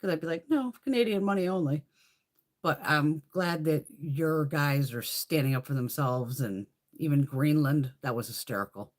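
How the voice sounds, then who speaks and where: A woman's voice: low voice, normal speed, hardly any pauses. A woman from the United States hosting a makeup livestream, chatting casually with viewers, blunt and laughing often, with heavy swearing. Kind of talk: casual livestream chat reading viewer comments.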